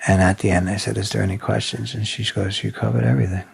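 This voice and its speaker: Brief: podcast guest, middle-aged man from New England, low gravelly voice, blunt and emotional storyteller. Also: steady tone, fast. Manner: blunt, swears freely, emotional retelling. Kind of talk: candid conversational storytelling.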